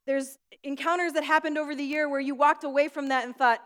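A woman's voice: sits high, fairly even intonation, a little fast, few pauses. Woman pastor in a reverberant hall. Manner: warm storytelling with light laughs. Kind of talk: sermon with prayer. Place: school room used for church.

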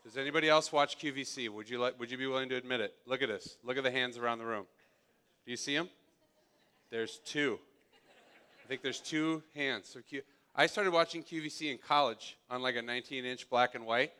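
A man's voice: medium pitch, fairly quick, bright, forceful tone, clear, resonant tone. A male pastor preaching a sermon, playful and sarcastic as he speaks to his congregation in a church hall.

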